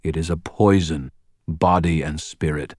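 A man voicing a huge, gruff fae giant who speaks in formal archaic words and growls. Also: a bass voice, fairly even intonation, measured pace, darkish tone, dry recording, studio quality. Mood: menacing formal.

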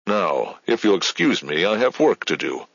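A man's voice: low voice, sing-song, moderate pace, vocal fry, breathy edge, no echo, full character voice. A man reading an audiobook, voicing a cold, domineering male director who speaks curtly and commandingly. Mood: angry, commanding. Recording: dull, lo-fi dry studio.

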